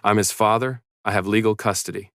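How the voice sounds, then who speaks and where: A man's voice: fairly low pitch, steady tone, fairly quick, fairly bright tone, dry recording, clean studio sound. A man voicing a drunk, manipulative middle-aged father who pleads and insists. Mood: insistent.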